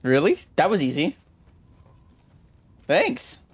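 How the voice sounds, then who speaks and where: A young man streaming a horror video game, reacting with excitable, profane trash-talk into a desk mic at home. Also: on the high side, takes it slowly. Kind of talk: let's play commentary.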